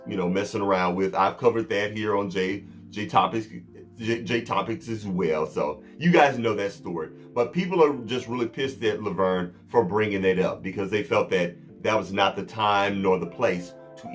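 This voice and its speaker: A celebrity gossip vlogger, a man with a voice on the low side, chats casually to the camera, tossing quick asides to his viewers and often restarting his sentences.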